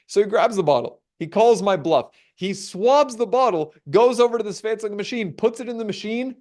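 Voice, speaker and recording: Animated, slightly high-voiced male storyteller. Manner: animated, acts out dialogue, dramatic pauses. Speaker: keynote speaker. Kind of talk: storytelling talk. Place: webinar.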